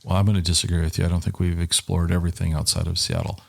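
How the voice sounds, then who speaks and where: A man's voice: low-pitched, flat delivery, racing, gravelly. A middle-aged man hosting a casual podcast from a small office, speaking into a headset microphone and rambling with jokes and restarts. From Washington State. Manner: rambling, self-interrupting, joking. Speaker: podcast host. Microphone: headset and studio microphone.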